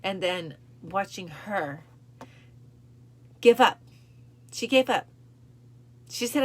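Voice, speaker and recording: A woman's voice: lively intonation, slow pace, long pauses, a little mellow, breathy edge. A woman hosting a cancer support show, chatting casually and emotionally to her viewers, repeating phrases and acting out scenes. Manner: emotional, repeats phrases, acts out film lines with rising pitch. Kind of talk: casual talk to camera.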